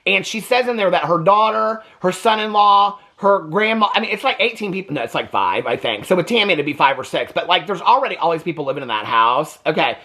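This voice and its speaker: A man giving a sassy, animated casual recap of a reality TV episode, often tagging lines with "okay?". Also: high voice, fast, few pauses. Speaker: TV reaction vlogger.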